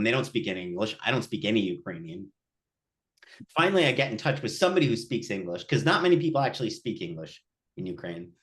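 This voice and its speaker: A male film director at a post-screening Q&A, telling a story casually, acting out quoted voices, with many restarts. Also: lowish voice. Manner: animated, acts out quotes, frequent restarts.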